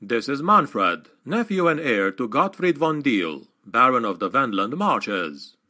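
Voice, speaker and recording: A man's voice: mid-range voice, very animated, a little slow, sharp tone. A man voicing a proud young noble heir in an audiobook, with refined, cultured speech.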